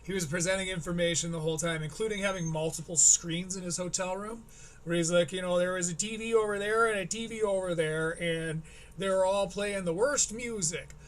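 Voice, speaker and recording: A man's voice: high voice, steady tone, brisk. A male streamer giving rambling, analytical commentary on a comedy special, often breaking off mid-sentence. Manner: rambling, analytical, self-interrupting. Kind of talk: casual commentary.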